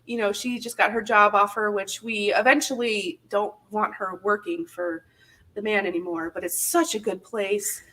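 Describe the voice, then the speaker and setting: A woman's voice: mid-range voice, steady tone, normal speed, sharp tone. A woman hosting a casual live-stream chat, chatty and laughing often, with many fillers. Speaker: channel host.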